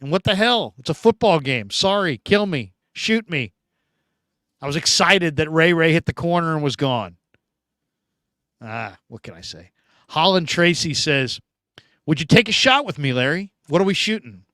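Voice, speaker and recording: Lively talkative man host. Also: fairly high pitch, moderate pace, dry recording. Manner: animated, talkative, swings between loud bursts and quiet asides. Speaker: sports show host. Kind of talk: casual live-stream chat reading comments.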